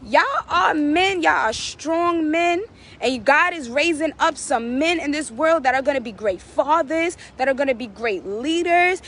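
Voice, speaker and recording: A woman's voice: high voice, expressive, a little slow, fairly bright tone. A woman vlogger giving fervent, preachy encouragement, repeating phrases for emphasis. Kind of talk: casual inspirational talk.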